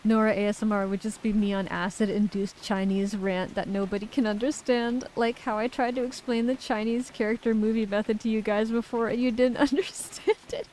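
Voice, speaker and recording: A woman's voice: fairly high pitch, fairly even intonation, a little fast, hardly any pauses, a little mellow, slight background noise, rough recording. A woman streamer in casual chat, reading viewer messages aloud and giggling often.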